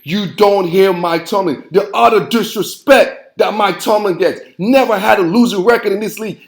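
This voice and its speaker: A man's voice: sits high, moderate pace, reverberant. A man hosting a football show, ranting in a heated, preachy way and repeating himself. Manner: fired-up, preachy, repeats phrases and says "man" constantly. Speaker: sports show host.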